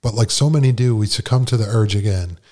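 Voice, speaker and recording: A man's voice: lowish voice, quick pace, darkish tone. A man, a podcast guest, tells his story candidly in casual conversation and acts out the dialogue with animation.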